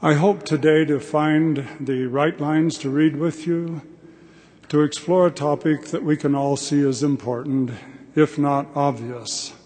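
A man's voice: a little high, fairly even intonation, darkish tone. Older man giving a devotional address. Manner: plain, measured, thoughtful delivery. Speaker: devotional speaker. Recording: long hall reverb.

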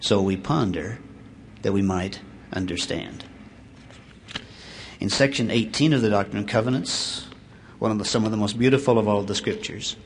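A man giving a sermon, reading scripture aloud in a measured way that slows and swells on the verses. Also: lowish voice, a little hiss or hum. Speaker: church speaker.

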